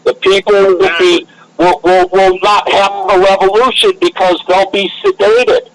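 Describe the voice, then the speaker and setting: A man's voice: high-pitched, level tone, a little slow, rough recording. A man in a casual podcast chat, ranting in an emphatic, conspiratorial way.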